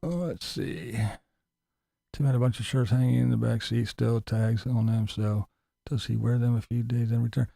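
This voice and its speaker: A man's voice: mid-range voice, fairly even intonation, normal speed, vocal fry, warm tone, dry recording, studio quality. A man hosting a live stream, talking casually in a profane, mocking, rambling way.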